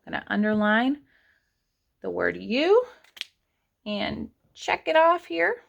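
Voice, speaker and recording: Slow, patient woman teaching kindergarten. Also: fairly high pitch, sing-song, creaky, dull audio. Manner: slow, patient, sounding out letters for kids. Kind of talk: online writing lesson for young children.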